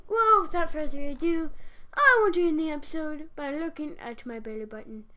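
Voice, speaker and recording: A woman's voice: high voice, brisk, pushed and bright. A woman hosting a gaming channel, chatting and apologizing to viewers while she plays. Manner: chatty, apologetic, talking to herself while playing. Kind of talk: casual game commentary.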